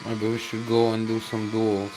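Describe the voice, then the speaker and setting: A man's voice: lowish voice, moderate pace, background noise. A young man with a Dutch accent, speaking English as a second language, casually commenting on his mobile racing game while tired and yawning. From Netherlands. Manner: relaxed, thinking aloud to viewers.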